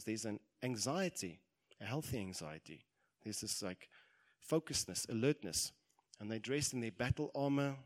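A man in his thirties preaching a sermon, animated, acting out quoted lines and swelling into loud exhortation. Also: mid-range voice.

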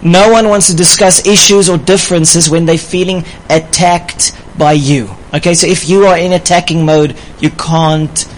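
A man's voice: a little high, a little hiss or hum, poor audio. A man preaching about marriage in a light, playful way, often laughing with his audience. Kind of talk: sermon on marriage.

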